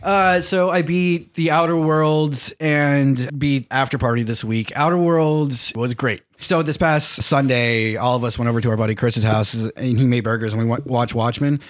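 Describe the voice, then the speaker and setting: Co-hosting a laid-back podcast chat, this young man speaks in a mid-range voice with fairly even intonation at a moderate pace, barely pausing. He's enthusiastic and rambling, with many fillers.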